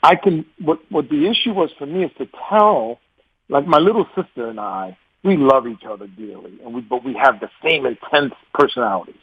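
A man in his forties, a guest telling stories in a casual interview, animated, laughing often, and repeating words as he starts sentences. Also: medium pitch, fairly quick, husky, dry recording, dull audio. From New York.

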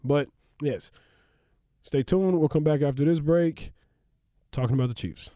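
A man's voice: fairly high pitch, measured pace. A man hosting a sports podcast, talking casually with lots of laughs and asides. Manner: animated, laughs often, rambling asides.

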